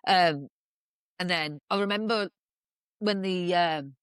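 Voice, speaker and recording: A woman, a podcast guest, telling a personal story frankly, with dark humor and swearing. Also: lowish voice, takes it slowly, smooth, no room sound, clean studio sound. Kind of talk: casual podcast conversation.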